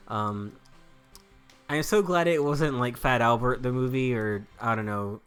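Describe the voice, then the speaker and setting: A man's voice: medium pitch, normal speed, a bit bright, smooth. A young man giving casual, joking let's-play commentary, rambling and laughing at himself. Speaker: gameplay commentator. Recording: faint game music behind.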